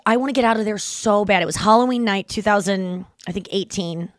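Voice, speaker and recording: A woman's voice: medium pitch, a little fast, hardly any pauses, no room sound, studio quality. Woman telling a rambling story. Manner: animated, rambling anecdote-telling with frequent swearing. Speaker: podcast co-host. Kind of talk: casual storytelling chat.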